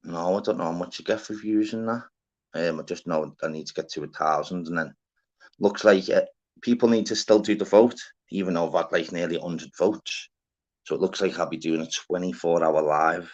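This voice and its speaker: A man hosting a live stream, chatting casually, shouting out viewers and swearing freely. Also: low-pitched, fairly quick. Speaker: livestream host. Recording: dull lo-fi stream audio.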